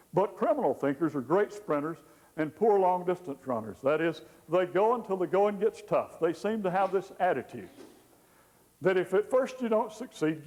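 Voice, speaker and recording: A man gives a folksy teaching talk, playfully voicing the people in his examples. His voice sits high for a man. It rings out with a long reverb, as in a big hall. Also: a little mellow. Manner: folksy, acts out quoted people with humor. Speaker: Christian counselor teaching.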